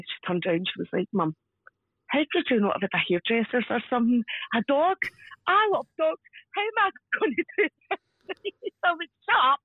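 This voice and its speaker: A Scottish woman telling stories casually as a podcast guest, animated and laughing often as she acts out voices. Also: a little high, no room sound. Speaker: podcast guest, crime scene cleaner. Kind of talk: casual storytelling chat. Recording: dull lo-fi dry sound.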